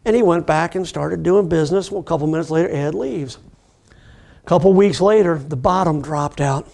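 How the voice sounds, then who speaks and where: Gravelly high-voiced man telling a recovery story. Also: a little fast, a little mellow. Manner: conversational, acts out the people in his stories. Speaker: addiction recovery instructor. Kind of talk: storytelling lecture.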